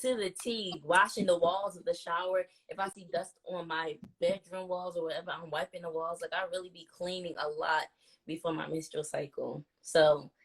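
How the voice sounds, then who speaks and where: A woman's voice: lowish voice, fairly even intonation, normal speed, slightly rough, low-quality recording. A woman co-hosting a casual chat, talking in a laid-back, drawling way. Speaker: podcast co-host.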